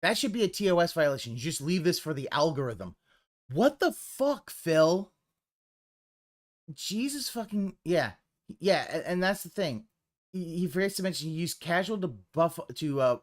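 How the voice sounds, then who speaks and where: A man co-hosting a casual stream, mocking and sarcastic, swearing freely. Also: a little high. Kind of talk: casual livestream chat.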